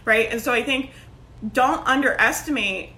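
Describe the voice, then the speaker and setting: A woman in her thirties giving a loud, emphatic motivational talk to camera, laughing often and peppering her speech with "like" and "right?". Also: on the high side, moderate pace. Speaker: online business coach. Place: at home. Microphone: phone.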